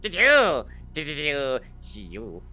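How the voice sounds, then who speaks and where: Man squeaking as an excited little panda creature. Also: takes it slowly, soft background music, full character voice. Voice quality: squeaky chirping noises.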